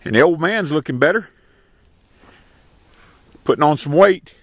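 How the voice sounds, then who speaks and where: A homesteader films his chores in an outdoor animal pen, narrating casually in a folksy, rural, easygoing way. His voice is a little high, animated and a little slow, with no room sound; between explanations he talks to his animals and calls the dogs loudly.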